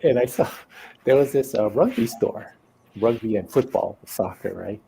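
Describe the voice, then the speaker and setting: A man's voice: on the low side, normal speed, gravelly, mellow, slight background noise, low-quality recording. A man telling a rambling story in casual chat among artists, laughing as he goes. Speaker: artist on a drawing livestream.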